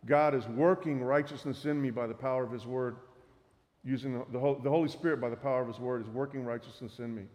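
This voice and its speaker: A man preaching a sermon, reading Bible passages aloud and explaining them with measured emphasis. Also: medium pitch, darkish tone. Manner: reads scripture aloud, then teaches. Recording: reverberant hall.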